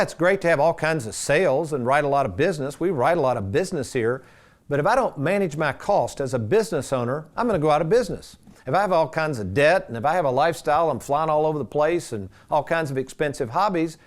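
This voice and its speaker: A man hosting a retirement money show, explaining costs to viewers in a folksy, emphatic teaching way. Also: fairly high pitch. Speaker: financial advisor and show host.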